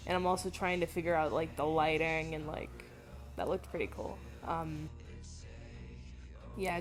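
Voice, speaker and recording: A woman narrating a voice-over about her own drawings in casual, rambling chat, congested and swearing freely. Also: on the low side. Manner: rambling, loose and swearing a lot. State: congested, nasal. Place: home recording, voice-over over drawing footage.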